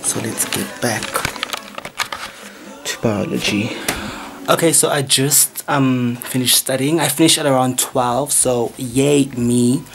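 A man's voice: medium pitch, takes it slowly, slight background noise. A young man chatting playfully in a casual home vlog, with lots of asides and fillers. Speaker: vlogger. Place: room at home.

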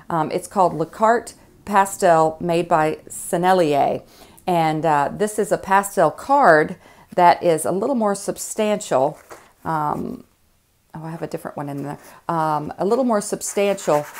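A woman's voice: fairly low pitch, a little mellow. A woman with a Southern accent giving a chatty, folksy art tutorial, full of fillers and restarts. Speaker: art instructor. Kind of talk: casual demonstration tutorial.

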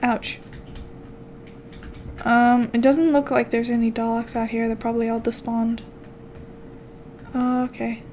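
A woman's voice: a little high, flat delivery, measured pace, pauses often, a little mellow, a little hiss or hum. A young woman chatting playfully to herself while commenting on her game as a channel host. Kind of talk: casual gameplay commentary.

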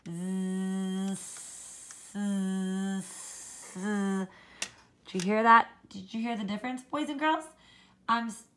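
A woman teaching a children's phonics lesson, slowly modelling letter sounds and encouraging the kids to copy her. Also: on the high side, a bit bright, slight background noise.

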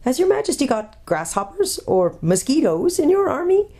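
A woman's voice: lowish voice, expressive, normal speed, dark tone, lightly acted. A woman voicing an old male tutor, learned and kindly, courtly and precise as he explains, in a storybook reading. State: out of breath from hurrying.

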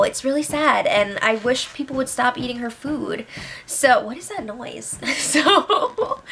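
A woman's voice: fairly high pitch, sharp tone. A young woman hosting a casual recap, chatty and gossipy with lots of fillers. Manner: chatty, gossipy, many fillers and acted quotes. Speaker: show recap host.

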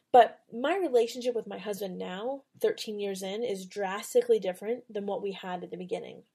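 Mellow-voiced woman hosting a devotional podcast. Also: mid-range voice. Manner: earnest, conversational storytelling. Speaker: podcast host. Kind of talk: devotional talk and spoken prayer.

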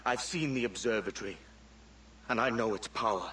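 Steady pirate captain, kinda distant, low hum behind. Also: male voice, moderate pace. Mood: firm. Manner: firm, earnest. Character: determined pirate captain confronting a foe. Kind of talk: video game cutscene acting.

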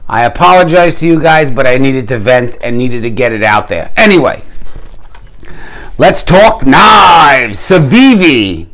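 A man's voice: fairly high pitch, a bit bright, smooth. A man hosting his own gear channel, talking casually and animatedly to camera, venting in a rant and then showing off knives with slangy enthusiasm. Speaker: YouTube gear channel host.

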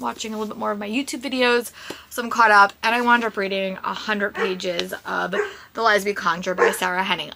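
A woman's voice: medium pitch, creaky, background noise. A woman chatting casually in a reading vlog at home, rambling a little with fillers and restarts. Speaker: book vlogger.

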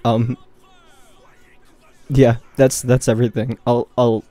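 A young man speaks in a halting, stammering way, his voice choked with emotion as he says goodbye. His pitch sits in an ordinary middle range for a man. Soft music plays faintly underneath. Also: little pitch movement, no room sound. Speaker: gaming clan member giving a farewell. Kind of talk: emotional farewell speech.

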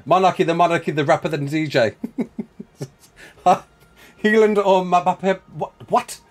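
A young man with a Brummie accent, live-streaming a survival game and reading out chat questions in a rapid, excitable way with frequent laughter. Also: sits high. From West Midlands, England.

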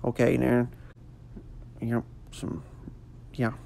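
A man's voice: medium pitch, completely flat delivery, slow, gravelly, darkish tone, slight background noise. A man doing a goofy, rambling comic voiceover full of fillers. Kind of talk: joking mock voiceover.

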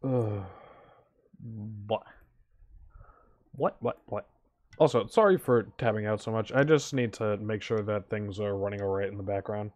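A man's voice: on the low side, steady tone, unhurried, pauses often, a little mellow. A worn-out, sleepy man streaming a game, talking casually over his play and mumbling with sighs and groans. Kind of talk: casual gameplay commentary.

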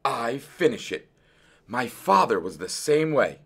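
A man's voice: mid-range voice, sing-song, a little slow, vocal fry, a bit bright, slightly rough, full character voice. A man voicing a small, brave male mouse dentist who speaks firmly and carefully. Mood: worried. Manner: firm, careful.

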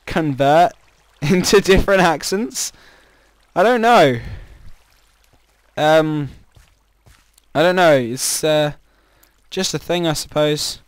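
A man's voice: on the high side, clear, resonant tone, no room sound. A man with a chatty, jokey manner, commenting casually on his own gameplay as a let's-play host and reacting with startled exclamations.

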